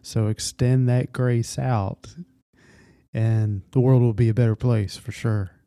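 A man hosting an interview, asking gentle, reflective questions. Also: mid-range voice, fairly even intonation, slow, no room sound, clean studio sound. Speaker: host.

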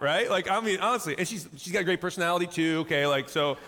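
A man with a fairly high, bright voice preaches to a congregation, spinning a story about himself with lively, self-mocking humor and frequent laughter. His voice carries through a sanctuary with a long, echoey hall reverb. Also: racing, hardly any pauses, a little hiss or hum. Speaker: pastor. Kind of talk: storytelling sermon. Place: church sanctuary.

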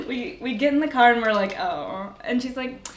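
A woman's voice: on the high side, lively intonation, slight background noise. A woman guesting on a podcast, telling a story in casual chat and laughing as she goes. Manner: giggly, unhurried storyteller. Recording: echoey room.

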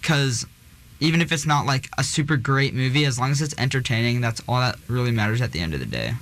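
A man's voice: mid-range voice, lively intonation, quick pace, a bit bright. A young man co-hosting a casual chat, laid-back and agreeable, leaning on "like" a lot. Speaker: co-host.

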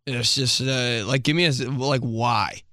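A man's voice: mid-range voice, steady tone, unhurried, pushed and bright, a little hiss or hum. A young man hosting a podcast, rambling through comic complaints with lots of fillers and sound effects. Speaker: podcast host. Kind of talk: casual comedic podcast monologue.

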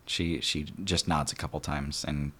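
A man narrating as game master, halting with fillers and laughs. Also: very deep voice, fairly even intonation, sharp tone.

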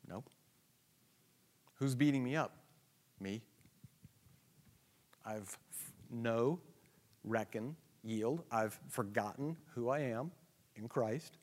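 Male preacher; sermon delivery that swings from hushed and slow to loud and emphatic. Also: mid-range voice. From United States. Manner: shifts from quiet, slow asides to loud emphatic questions; acts out dialogue and inner thoughts, laughs often.

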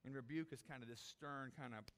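A man's voice: medium pitch, a little fast, a bit bright. A man preaching a sermon, acting out the disciples' pleas in a raised voice. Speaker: pastor.

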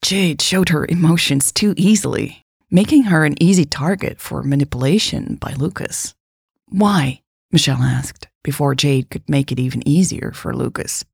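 Low raspy woman reading a story, calm and measured, dry booth sound. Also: dry recording. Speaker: narrator. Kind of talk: audiobook narration.

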